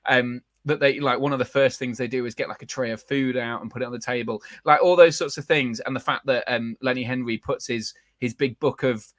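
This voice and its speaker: A man hosting a casual livestream, talking in a loose, halting way full of ums and restarts. His voice sits mid-range and sounds close and dry. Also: mid-range voice, fairly even intonation, a bit bright, no echo. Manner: rambling, many fillers and restarts. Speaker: podcast host.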